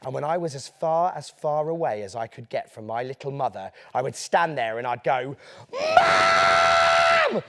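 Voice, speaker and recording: A man's voice: mid-range voice, fairly quick, hardly any pauses, darkish tone, a little hiss or hum. A man, a children's author telling a playful, theatrical story to a young audience. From England.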